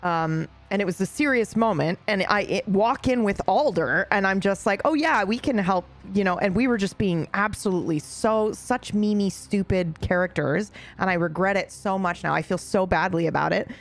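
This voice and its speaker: A woman's voice: mid-range voice, moderate pace, hardly any pauses. A woman in casual group chat, talking in a rambling, self-deprecating and fond way about roleplaying with a castmate. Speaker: roleplay streamer reflecting on a castmate.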